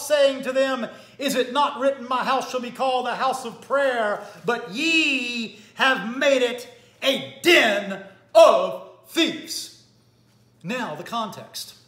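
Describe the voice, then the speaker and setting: A fiery male evangelist preaches with a very high, bright voice that cuts through. He swings between loud shouting and hushed asides, and the sound rings in an echoey room. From United States. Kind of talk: sermon.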